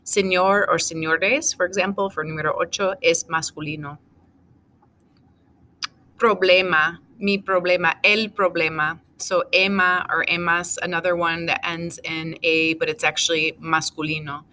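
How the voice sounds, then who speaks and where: A woman teaching a recorded class, going over answers item by item in a steady, methodical way. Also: on the low side, normal speed. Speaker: Spanish teacher.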